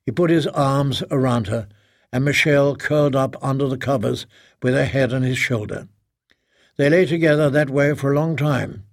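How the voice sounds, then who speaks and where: A man reads a novel aloud in a steady, measured narration. His voice has a gravelly grain at a middle pitch. The recording is dry and close to the mic. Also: no room sound. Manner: measured, even storytelling. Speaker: audiobook narrator. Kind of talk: scripted narration.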